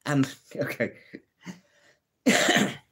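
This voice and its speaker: A man's voice: extremely slow, fairly bright tone. A man hosting a casual live stream, telling old jokes, reading out viewer comments and laughing at his own punchlines. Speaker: livestream host.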